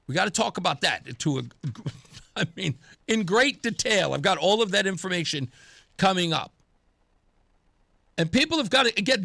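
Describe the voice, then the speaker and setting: Lively high-voiced man hosting talk radio. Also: no echo, studio quality. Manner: animated, laughing storyteller. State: tired, pollen in his throat. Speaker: radio talk show host. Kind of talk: casual talk radio monologue. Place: radio studio. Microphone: studio microphone.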